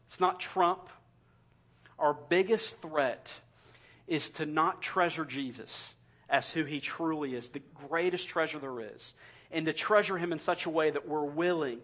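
Pastor guy preaching hard, kinda high voice, dull lo-fi recording. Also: bright, forceful tone. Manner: impassioned preaching, emphatic repetition. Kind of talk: sermon.

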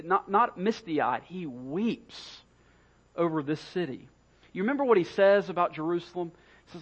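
Pastor, male, slightly high voice, conversational sermon delivery, repeats key lines, dull lo-fi recording.

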